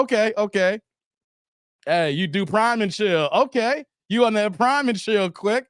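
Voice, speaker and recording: High-voiced, slangy livestream host. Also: male voice, a little slow, clear, resonant tone, no echo, clean studio sound. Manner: animated, laughs often, slangy, reads chat aloud. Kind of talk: casual livestream chat.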